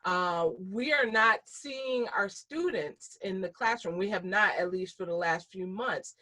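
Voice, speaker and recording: A woman's voice: medium pitch, a little slow, sharp tone. A middle-aged American woman giving a conversational keynote presentation over a webinar, speaking with frequent fillers and restarts.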